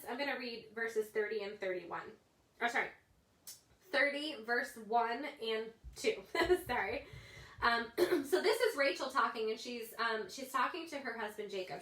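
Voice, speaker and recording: A woman's voice: a little high, sharp tone. A woman in her thirties leading a casual Bible study, talking in a chatty way with fillers and asides. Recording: echoey room.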